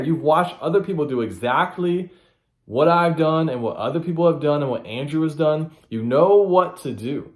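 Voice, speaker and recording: A man's voice: medium pitch, expressive, moderate pace, a little mellow, roomy sound. A man hosting a solo motivational podcast, blunt and profane, hammering his point home by repeating it. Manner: blunt, profane and repetitive for emphasis. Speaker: podcast host.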